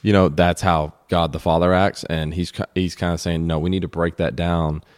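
A man co-hosting a podcast, speaking reflectively and personally about faith, with halting repeats. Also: deep voice, flat delivery, clear, resonant tone, no echo. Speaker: podcast co-host. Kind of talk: casual faith discussion.

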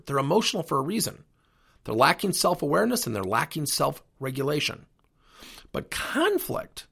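A man's voice: on the high side, creaky, husky. A middle-aged man hosting a leadership coaching podcast, talking earnestly to listeners. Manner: animated, earnest coaching delivery. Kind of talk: solo podcast talk.

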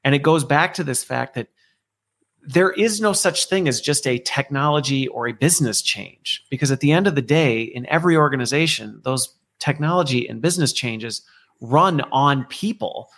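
A man's voice: medium pitch, normal speed, a bit bright. Reflective man explaining with analogies. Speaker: guest, learning executive. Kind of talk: conversational interview.

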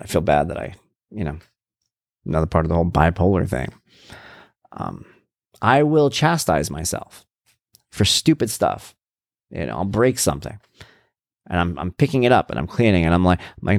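A man's voice: deep voice, sing-song, moderate pace, creaky, long pauses, no room sound, clean studio sound. A man in his thirties hosting his own show, speaking in a candid, reflective personal monologue full of fillers and restarts. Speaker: blogger and podcast host.

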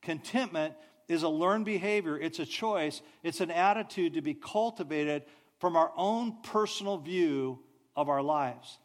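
Man, pastor, sermon, fairly high voice, animated storyteller, soft sighs. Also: unhurried.

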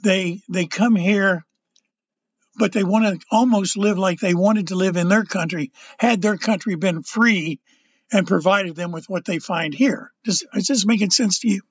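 An older man giving a casual political monologue, rambling and halting, often stumbling over his words. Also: sits high, breathy edge, no echo, highs cut off. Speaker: political commentator.

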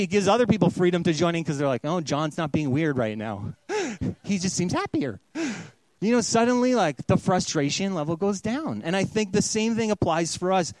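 A man's voice: sits high, darkish tone, dry recording, poor audio. A middle-aged man giving a sermon as a pastor, talking conversationally and acting out the voices he quotes.

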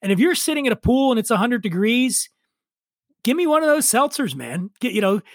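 A middle-aged man with a high voice talks in a loose, profane, opinionated way, spinning stories in casual conversation. The sound is dry and close. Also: sing-song, brisk, dry recording. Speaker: podcast guest. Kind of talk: casual chat.

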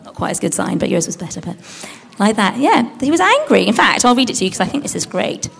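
A woman giving a lively Bible story talk to children, asking them questions and acting out the characters. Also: mid-range voice, fast talker, gravelly, breathy edge. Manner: animated, acts out the characters, asks the audience questions.

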